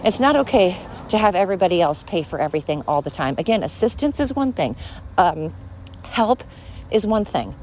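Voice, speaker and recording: A woman's voice: fairly low pitch, sing-song, fairly quick, darkish tone, slight background noise. A woman hosting a solo podcast, ranting in a heated, profane, blunt and scolding way. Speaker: podcast host. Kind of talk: angry solo podcast rant.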